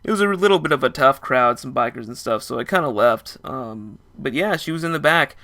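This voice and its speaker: A man voicing an excitable, oblivious young male friend who talks fast and casually. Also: mid-range voice. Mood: chatty. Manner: excited, chatty, says dude a lot.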